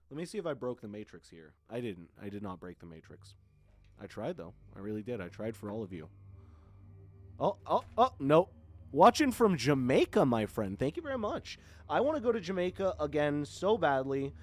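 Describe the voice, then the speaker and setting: A man's voice: medium pitch, sing-song, moderate pace, darkish tone. A man in his twenties from Florida, chatting casually with viewers on a live stream, rambling and thanking people often. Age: 20s. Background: faint horror music.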